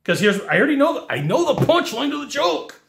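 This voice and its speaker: A man teaching technicians about sales in a lively monologue, acting out whiny customer voices along the way. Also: very high-pitched, fast, gravelly, echoey room. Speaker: sales trainer.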